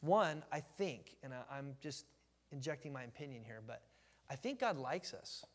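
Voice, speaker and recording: A man's voice: medium pitch, lively intonation, moderate pace, long reverb tail. A man preaching a casual, folksy sermon, joking with the room and often restarting his sentences. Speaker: pastor. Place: church sanctuary.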